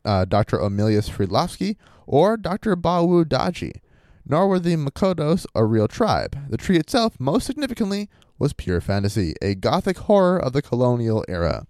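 A man's voice: medium pitch, very animated, normal speed, a little mellow, no echo, clean studio sound. A man co-hosting a podcast, telling a story in casual chat, reading quotes aloud and adding wry, sarcastic asides. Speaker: podcast co-host.

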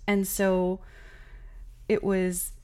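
A woman's voice: medium pitch, completely flat delivery, extremely slow, darkish tone, clean tone. A young woman hosting a podcast, candidly telling a personal story in a casual, exasperated way, with many fillers. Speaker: podcast host.

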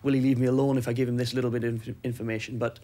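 Fast-talking man with a flat delivery. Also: mid-range voice. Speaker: interviewee recalling captivity. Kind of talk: personal testimony.

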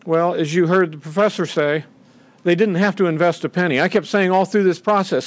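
A man's voice: fairly quick, no room sound. A middle-aged man giving an impassioned, indignant public speech from a podium, acting out the voices he quotes. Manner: indignant, acts out quoted voices with rising pitch. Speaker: speaker at a podium.

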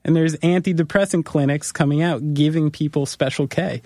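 A man's voice: fairly high pitch, steady tone, normal speed, warm tone, no echo. A man from New Jersey hosting a podcast in casual chat, jokey and rambling, laughing often. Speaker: podcast host.

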